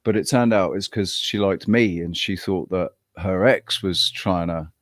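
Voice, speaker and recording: A man co-hosting a podcast, telling a personal story in a rambling, halting way with frequent restarts. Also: low-pitched, no room sound, studio quality. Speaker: podcast co-host. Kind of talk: casual chat.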